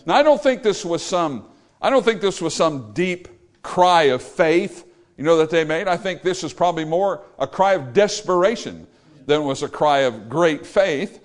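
A man's voice: expressive, normal speed. Preacher man with a swinging delivery. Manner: dynamic, swinging from loud exclamations to low quiet lines. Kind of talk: sermon.

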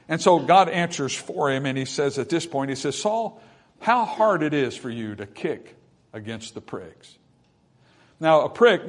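A male preacher delivering a sermon, building to emphatic peaks and dropping into folksy asides. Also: medium pitch.

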